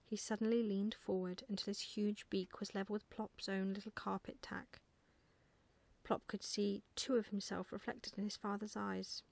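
A woman reading a bedtime story aloud in whispered role-play, soft and slow. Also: medium pitch, level tone, gravelly, no room sound.

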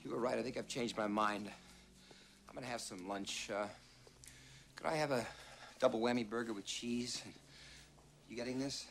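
A man's voice: medium pitch, fairly even intonation, normal speed, vocal fry, pauses often, a little hiss or hum, close to an everyday voice. An actor playing a tense middle-aged man who is coldly courteous and clipped, close to snapping. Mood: icily polite. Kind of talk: film drama dialogue.

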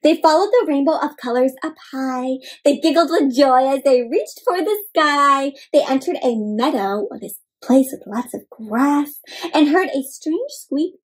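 Lively woman storyteller for kids: high, bouncy, interactive. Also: unhurried. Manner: animated, asks the listeners questions, gasps. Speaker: storyteller for children. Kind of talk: interactive read-aloud for kids.

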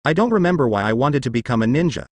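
A stammering, lovestruck girl ninja put on by a male reader, nudged a little higher and brighter than his plain voice. She hesitates often, heard close and dry in a storybook reading. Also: very animated, rapid-fire, no room sound. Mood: unsure. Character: lovestruck, anxious young female ninja.

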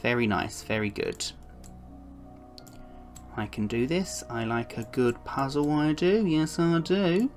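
A woman's voice: a bass voice, slow pace, long pauses, a little mellow, soft background music. A woman streaming a puzzle game, chatting along and cooing to the cats on screen with little giggles. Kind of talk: live gameplay commentary.

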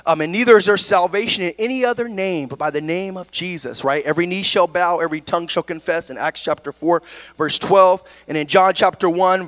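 Male pastor, high voice, dry close sound, preaching style with call-outs. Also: a bit bright, no echo. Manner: preaching with call-and-response "amen?" and "right?". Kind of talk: sermon.

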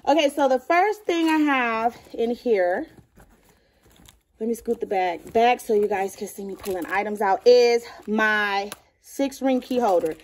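Speaking a little high and a little slowly, a beauty and lifestyle vlogger chats casually through a show-and-tell video. She gushes over the items she shows off and keeps addressing viewers as "girl."

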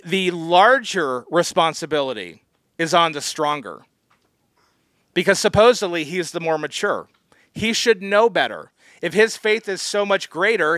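A man delivers a sermon as pastor, his voice sitting a little higher than most men's. He talks to the congregation conversationally, then presses hard on his key points. The sound is dry and close, with no room echo. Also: animated, unhurried, sharp tone. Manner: conversational, earnest preaching with sudden emphatic pushes. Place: church.

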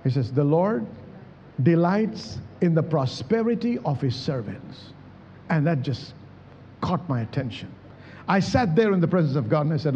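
A man's voice: fairly high pitch, very animated, normal speed, mellow, long reverb tail, dull audio, a little hiss or hum. A male pastor preaching a sermon, calling out to the congregation for responses and acting out prayers as he speaks. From India. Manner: preaching with emphatic calls to the church.

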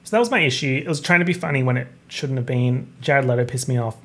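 A man's voice: medium pitch, quick pace, fairly bright tone, slightly rough. A man hosting a solo podcast, chatty and opinionated, swearing freely. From Italian heritage. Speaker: podcast host. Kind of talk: casual solo podcast chat.

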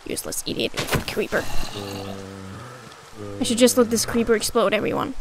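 A woman's voice: on the high side, moderate pace, background noise. A young woman giving casual gameplay commentary, muttering to herself, swearing and getting exasperated. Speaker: gaming YouTuber. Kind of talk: casual let's-play commentary.

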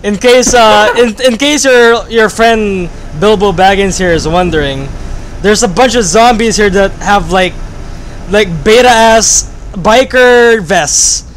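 A young man hosting a gaming video, joking, swearing and getting excitable while he plays with a friend. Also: high-pitched, takes it slowly, a little hiss or hum. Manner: loud, jokey, excitable, swears. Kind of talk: casual gameplay banter.

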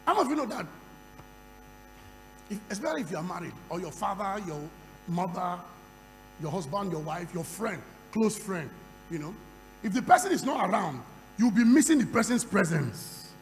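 A man preaching a sermon at a conference, moving from quiet storytelling to loud shouting. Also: sits high, big pitch swings, moderate pace, pauses often. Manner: acts out dialogue in a conversational storytelling voice. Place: large conference hall. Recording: reverberant hall with faint hum.

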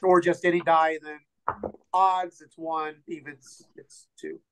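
A man narrating as game master in a tabletop game, relaxed and halting with many fillers. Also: a little high, clear, resonant tone, low-quality recording.

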